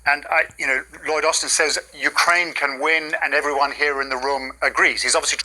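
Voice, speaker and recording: A male diplomatic correspondent giving a measured, explanatory broadcast news report. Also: fairly high pitch, steady tone, pushed and bright, low-quality recording.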